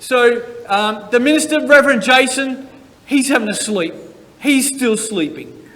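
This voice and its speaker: High-voiced man leading church worship. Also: lively intonation, a little slow, a bit bright. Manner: playful, teaching actions to kids. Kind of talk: leading a children's worship service. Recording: church hall with long reverb.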